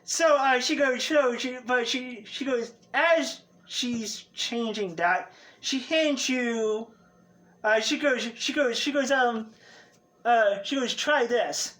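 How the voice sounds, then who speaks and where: A man's voice: very high-pitched, slow, fairly bright tone. A man narrating a tabletop role-play as game master, rambling with many fillers and restarts.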